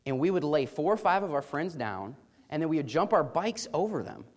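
A man's voice: a little high, animated, a little fast. A man doing a cocky, offhand dad. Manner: offhand, self-assured. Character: confident middle-aged dad, brushing off warnings.

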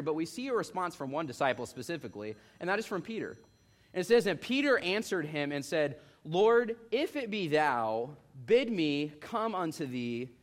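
A young man preaching an expository sermon, telling the story in a lively way and acting out the voices of the people in it. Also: high voice.

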